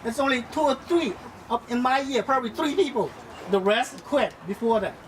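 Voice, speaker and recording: A man in his fifties with a Hmong accent and Hmong as his first language gives an earnest, halting speech to his family at a reunion. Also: very high-pitched. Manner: earnest, halting, repeats and restarts phrases. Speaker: family elder giving a speech. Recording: clear background noise.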